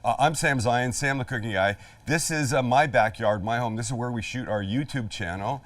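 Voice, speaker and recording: A middle-aged man hosts a casual cooking demo in his backyard kitchen, chatting, joking, and speaking emphatically. Picked up by a distant mic with no echo, his mid-range voice moves at a moderate pace.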